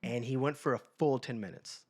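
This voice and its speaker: A man's voice: mid-range voice, a little fast. A man co-hosting a podcast, telling personal stories in a casual chat and acting out the people he quotes. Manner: animated storyteller acting out quoted voices. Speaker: podcast co-host.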